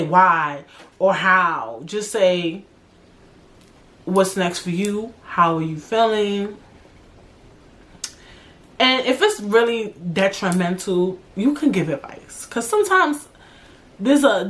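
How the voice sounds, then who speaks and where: A young woman hosting a solo podcast, talking casually and bluntly, with a lot of swearing and slang. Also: mid-range voice. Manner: blunt, profane, animated, drawling slang. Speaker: podcast host.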